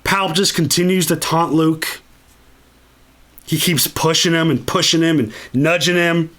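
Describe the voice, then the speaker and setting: A man's voice: a little high, fairly even intonation, measured pace, a bit bright. A man hosting a casual movie commentary, enthusiastic and freely swearing. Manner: enthusiastic and profane. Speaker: channel host.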